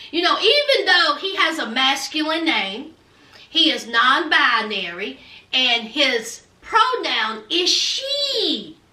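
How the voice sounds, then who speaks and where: A woman's voice: high-pitched, sharp tone, far from the mic. A woman chatting through a TV recap, sassy and gossipy, calling her viewers "honey" and "child.". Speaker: TV recap vlogger. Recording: echoey room, voice off-mic.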